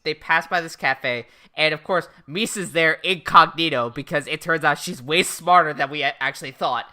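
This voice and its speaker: Sarcastic, bright-toned woman co-host. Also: low-pitched, normal speed. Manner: sarcastic, swears freely, laughs often. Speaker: podcast co-host. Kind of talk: casual chat.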